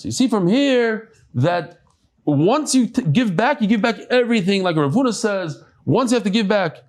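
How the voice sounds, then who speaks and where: Casting: man giving a Talmud lecture, lively rising-and-falling voice, somewhat high, chatty. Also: normal speed. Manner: animated, chatty explanations with asides. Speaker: Talmud teacher. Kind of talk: daf yomi lecture to a live class. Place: study hall with a live audience.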